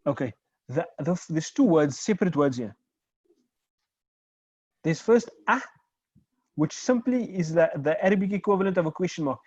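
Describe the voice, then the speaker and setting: A man's voice: on the high side, animated, moderate pace, long pauses, a little mellow, dry recording. A man teaching an online Arabic class, explaining step by step and checking that his students follow. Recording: dull, lo-fi video call audio.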